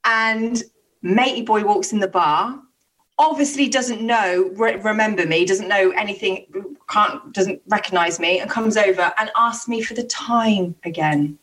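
A young woman co-hosting a casual chat, telling an animated story with quick laughs and acted-out quotes. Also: medium pitch, recorded from a distance, poor audio. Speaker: co-host.

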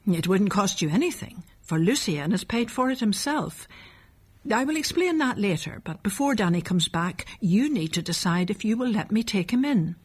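A woman voicing a calm, kind middle-aged male doctor in a storybook reading, reassuring and firm. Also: mid-range voice, moderate pace, breathy edge.

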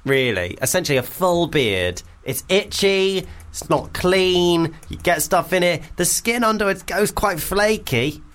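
A man's voice: sits high, expressive, a little slow, hardly any pauses, fairly bright tone. A man hosting a radio show, joking and bantering with his co-host. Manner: playful, laughing, joking.

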